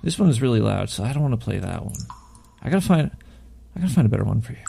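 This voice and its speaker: A man's voice: mid-range voice, sing-song, rapid-fire, vocal fry, warm tone, a little hiss or hum. A man hosting a call-in radio show, rambling through a profane, stammering monologue full of paranoid asides.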